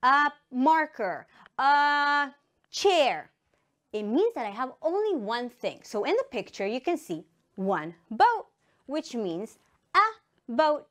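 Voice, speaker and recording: A woman with an Israeli accent, an English teacher giving a slow, emphatic lesson to young children and enunciating words for them to repeat. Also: high-pitched, very animated, fairly bright tone. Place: studio.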